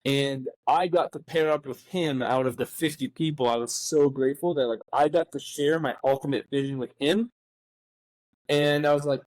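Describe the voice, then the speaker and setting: Male podcast host, middle pitch, casual and emphatic, curses freely, dry close recording. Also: moderate pace, darkish tone, no echo, low-quality recording. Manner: emphatic, swears often, says "like" a lot. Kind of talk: casual heartfelt conversation.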